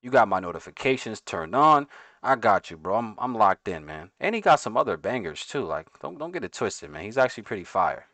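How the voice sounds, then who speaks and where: A man's voice: fairly low pitch, big pitch swings, fairly quick, fairly bright tone, dry recording. A man with a New York accent, hosting a casual day-trading livestream, talking in loose slang and getting hyped. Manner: hyped, slangy, sings along to music. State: out of breath. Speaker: livestream host, day trader. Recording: faint music playing behind.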